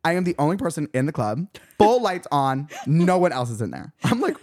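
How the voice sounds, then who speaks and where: A man's voice: fairly quick, few pauses. A young man in his twenties, hosting a podcast and telling a story in casual chat, acting out the quotes. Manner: animated storyteller, acts out quotes with big pitch jumps. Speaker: podcast host.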